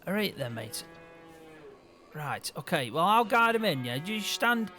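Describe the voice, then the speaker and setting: A man's voice: sits high, unhurried, soft background music. A man hosting a farming game role-play, bantering cheekily with a friend. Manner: cheeky, teasing, lively banter.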